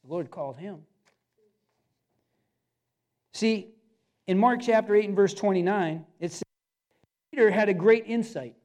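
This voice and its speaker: High-voiced emphatic male preacher. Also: a little slow, pauses often, darkish tone. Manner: emphatic, repetitive preaching with direct address. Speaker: pastor. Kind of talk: sermon.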